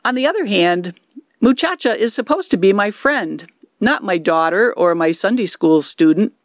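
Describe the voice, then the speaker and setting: In her sixties, a lay worship leader who does puppet ministry gives an instructional talk in a low-set alto, mid-range for a woman. She explains each step clearly and measuredly yet with animation. The recording is close and dry, with no room sound.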